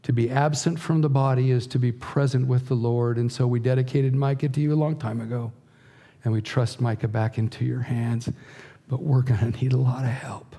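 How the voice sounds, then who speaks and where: Earnest middle-aged man preaching, mellow voice. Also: mid-range voice. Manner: earnest, slow emphatic delivery with soft, hushed passages. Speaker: pastor. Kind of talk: sermon.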